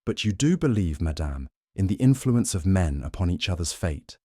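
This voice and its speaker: A man performs a fussy elderly Belgian detective in an audiobook mystery. He speaks softly and with precise courtesy. The voice is deep and close, with no room sound. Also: sing-song, normal speed, no room sound. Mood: courtly.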